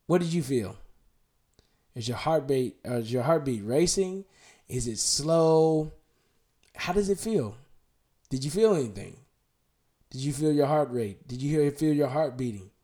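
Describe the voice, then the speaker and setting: A man preaching a podcast sermon, firing direct questions at the listener and dropping to a hushed, tender voice. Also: mid-range voice, lively intonation, a little slow, long pauses.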